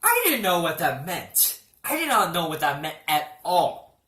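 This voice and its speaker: Young guy telling an embarrassing story, swears a lot, stammers, bright sharp voice, echoey room. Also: fairly high pitch, a little slow. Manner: animated, joking, swearing, stammering. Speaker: vlogger. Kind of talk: storytime vlog.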